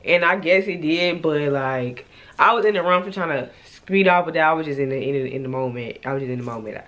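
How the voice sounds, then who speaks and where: A young woman tells a story straight to her camera. Her talk is casual and animated, jumping between loud outbursts and hushed, low asides. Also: brisk. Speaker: vlogger.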